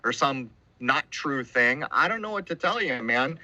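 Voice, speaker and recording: A man's voice: mid-range voice, expressive, measured pace, bright, forceful tone, dry recording, poor audio. A man hosting a podcast conversation, making emphatic points and slipping into mock quoted voices. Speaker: podcast host. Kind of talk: casual conversation.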